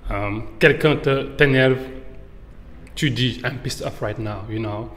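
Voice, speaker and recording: A man teaching slang in a casual lesson, switching between French and English and acting out example phrases with drawn-out words. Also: medium pitch, a bit bright, a little hiss or hum. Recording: echoey room with long reverb.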